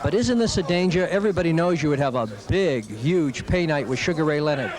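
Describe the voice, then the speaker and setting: A man's voice: fairly high pitch, animated, brisk, a crowd in the background. A man interviewing a boxer at a press conference, asking formal, pointed questions. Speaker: sports interviewer.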